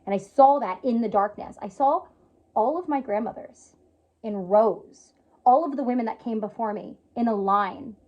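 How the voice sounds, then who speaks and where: In a slightly dull lo-fi recording, a young woman with a fairly high-pitched voice speaks at a normal pace. A yoga teacher and spiritual healer, she tells a personal story in an earnest, emotional, casual vlog style, using plenty of fillers.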